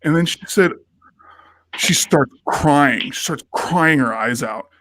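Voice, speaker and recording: A man's voice: fairly high pitch, slow pace, a bit bright, slight background noise. A man co-hosting a podcast in casual chat, telling a rambling story and acting out the quoted lines of the people in it. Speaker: podcast co-host.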